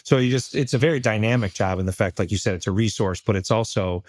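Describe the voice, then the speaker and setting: A man's voice: lowish voice, quick pace, no echo, clean studio sound. A man co-hosting a casual podcast, talking his thoughts through with restarts.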